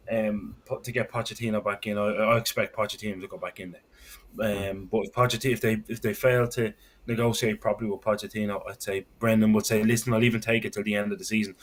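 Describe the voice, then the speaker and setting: A man co-hosting a football podcast, chatting casually and repeating himself as he gets going. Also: fairly low pitch. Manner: conversational, repeats himself when starting a point. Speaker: podcast co-host.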